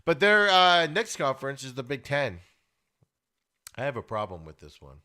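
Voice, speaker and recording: A man hosting a sports podcast, giving opinionated casual commentary and getting loud and high when worked up. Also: very animated, normal speed. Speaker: podcast host. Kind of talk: casual sports talk monologue.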